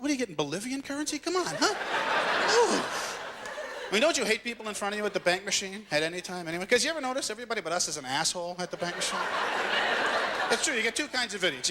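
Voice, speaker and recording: A man's voice: high voice, lively intonation, rapid-fire, very noisy. A man doing a stand-up set on a club stage, ranting impatiently and acting out exasperated people. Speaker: stand-up comedian. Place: comedy club stage before a live audience. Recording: live stage recording with crowd laughter.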